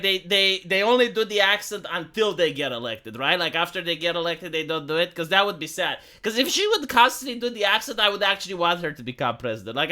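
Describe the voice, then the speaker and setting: Commentary streamer, sarcastic and rambling, pitch swooping up and down a lot. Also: bright, forceful tone. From Romania. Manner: rambling and sarcastic, heavy on fillers. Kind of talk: casual commentary vlog.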